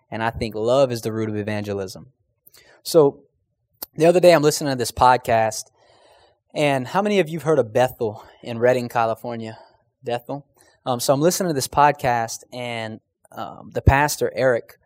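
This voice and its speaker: With a mid-range, slightly mellow voice and no echo, a man preaches in a casual, earnest, conversational way. He shares stories, asks the congregation questions, and frequently stalls with "um" before starting his sentences over.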